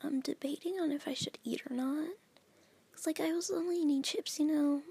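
A woman's voice: high voice, a little fast, vocal fry, mellow. A teenage girl chatting on her own podcast at home, rambling with lots of fillers and giggles. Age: teens. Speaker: podcast host. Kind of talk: casual solo podcast chat. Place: at home, lying on her bed.

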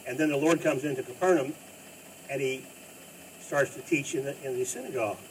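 A pastor delivers a sermon, heard from a distance, preaching emphatically with loud bursts and quiet drops. His voice is medium-pitched and brisk. The distant mic picks up faint noise.

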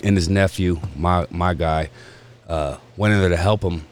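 Very deep-voiced rambling man. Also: normal speed. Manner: loose, rambling, profane. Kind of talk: casual chat among friends.

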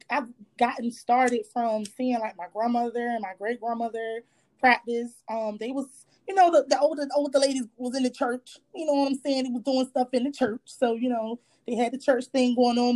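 A fairly high-voiced woman comes in over a phone call as a podcast guest. She is from North Carolina and sounds relaxed and sassy, often calling people "honey.". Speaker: guest, spiritual worker and tarot reader. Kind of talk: casual podcast interview.

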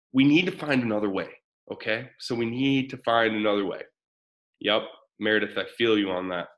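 A man's voice: mid-range voice, fairly bright tone, low-quality recording. A man in his thirties presenting a live parenting webinar, talking casually and energetically while answering chat comments.

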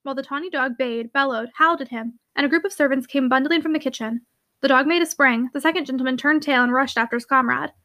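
Fast, high-voiced woman narrating a classic novel. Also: pushed and bright. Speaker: audiobook narrator.

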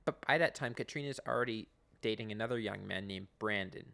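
A man's voice: on the low side, brisk, creaky, sharp tone. A young man co-hosting a podcast, recapping episodes in casual, laughing chat with many restarts.

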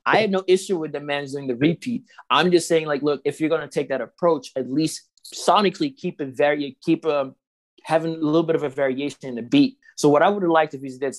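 A man co-hosting a casual podcast, talking in an animated, opinionated and playful way. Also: fairly high pitch, fast. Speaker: podcast co-host. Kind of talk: casual chat.

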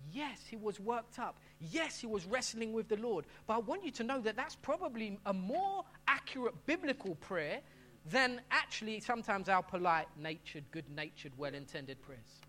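A man's voice: high-pitched, expressive, normal speed, bright, forceful tone, a little hiss or hum. Man preaching conversationally. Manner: conversational, repeats and restarts phrases. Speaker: pastor. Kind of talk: sermon.

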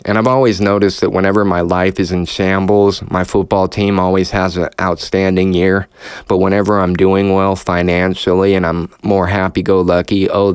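Man ranting on a podcast, frustrated, sarcastic, swearing, lowish voice, smooth clear tone, dry close sound. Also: dry recording. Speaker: podcast host. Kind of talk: profane rant.

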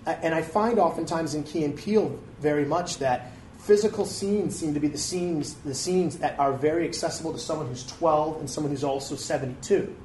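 A man in his thirties from Detroit, a comedian and actor, telling animated stories in a candid live interview. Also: fairly high pitch, brisk. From Detroit, USA. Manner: animated storytelling with frequent restarts and laughs. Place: live interview before an audience. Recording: echoey room, faint ambient noise.

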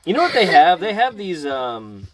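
A man's voice: fairly high pitch, very animated, normal speed. A man hosting a casual podcast, teasing and wry as he chats. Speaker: podcast host. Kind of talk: casual chat. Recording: faint background hiss.

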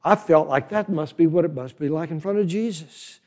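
An older man preaching a sermon in a folksy, animated way, full of rhetorical questions to the crowd. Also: fairly high pitch, normal speed. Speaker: conference speaker.

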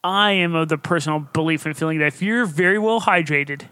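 A man with a high, bright voice co-hosts a casual podcast, cursing constantly and acting out stories with energy. The sound is dry and close, with no room in it. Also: fairly quick, clear, resonant tone, dry recording. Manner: profane, animated storytelling. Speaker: podcast co-host. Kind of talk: casual chat.

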